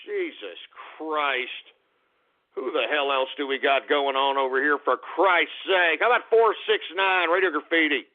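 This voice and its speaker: Over tinny, phone-like radio audio, a man with a slightly high, unhurried voice hosts a call-in show. He rants in an exasperated, profane way, swearing constantly.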